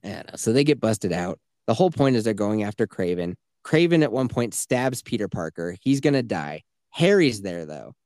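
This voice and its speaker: A man's voice: on the low side, sing-song, normal speed, hardly any pauses, a little mellow, no room sound, clean studio sound. A man casually retelling a video game's plot on a podcast, profane and mocking. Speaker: podcast host. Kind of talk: casual game review chat.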